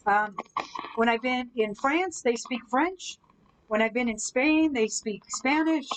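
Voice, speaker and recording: A woman's voice: a little high, slow pace, low-quality recording. A woman running a live-stream ghost hunt, asking spirits questions through a spirit box and answering viewer comments. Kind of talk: live-stream paranormal session. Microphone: device-heavy setup with a spirit box.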